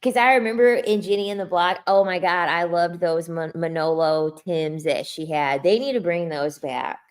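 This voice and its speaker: A woman with a lowish voice livestreams casual chat at normal speed, reading and answering her viewers. She laughs often and tosses in slangy asides.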